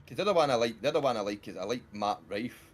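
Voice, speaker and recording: A man's voice: medium pitch, racing, slightly rough. A man chatting on a game livestream, retelling comedy bits with lots of swearing and laughter. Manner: animated storyteller, swears freely, laughs while retelling jokes. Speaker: streamer. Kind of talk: casual chat over a game livestream.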